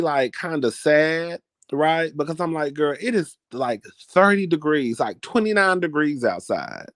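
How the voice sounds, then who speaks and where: A man's voice: on the high side, dry recording. Chatty man telling a story, dry sound. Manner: chatty, dramatic, keeps calling listeners "girl". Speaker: vlogger. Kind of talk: casual storytelling to camera.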